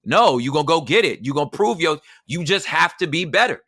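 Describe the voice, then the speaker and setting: A man's voice: on the high side, expressive, fairly quick, pushed and bright, no room sound, studio quality. A man talking as a podcast guest in casual conversation, emphatic and slangy, often adding "you know what I'm saying".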